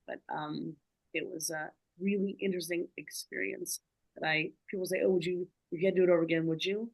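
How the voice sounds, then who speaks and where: A woman telling her story in a casual, animated way, rambling with many fillers. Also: lowish voice, a little fast, creaky, rough recording. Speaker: guest speaker.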